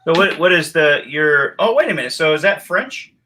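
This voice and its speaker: A man co-hosting a casual chat show, talking hesitantly with many pauses and ums. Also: a little high, expressive, sharp tone. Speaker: co-host.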